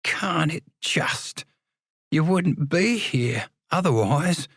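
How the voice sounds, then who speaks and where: Old ex-convict, nearly blind, high quavering voice, kindly, read by a male narrator in a dry booth. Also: sing-song, unhurried, fairly bright tone, no room sound. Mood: gentle.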